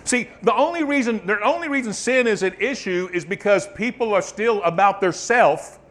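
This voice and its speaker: A man preaching a sermon, swinging from loud fervent bursts to soft, murmured testimony. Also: high voice, expressive, moderate pace.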